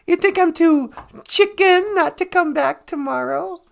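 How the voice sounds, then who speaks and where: A woman's voice: extremely high pitch, creaky, pitched above the performer's own voice, full character voice. A woman voicing a cocky, talkative male fox with a brash, teasing way of speaking. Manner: brash, teasing, fast-talking.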